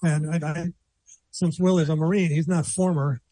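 A man's voice: fairly high pitch, steady tone, normal speed, warm tone, no echo. An older man hosting a radio show, chatting casually and self-deprecatingly, laughing often.

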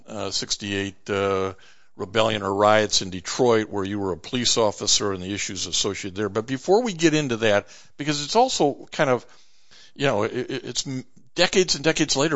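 A man interviewing a guest, asking long questions in a halting way. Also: lowish voice, fairly bright tone. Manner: halting, with many fillers and restarts. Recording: dull lo-fi recording.

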